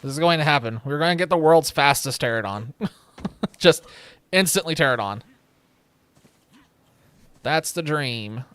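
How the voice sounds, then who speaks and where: A man's voice: mid-range voice, a bit bright. A young man streaming a game from home, rambling in casual commentary with wry, sarcastic asides. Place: home room with a webcam.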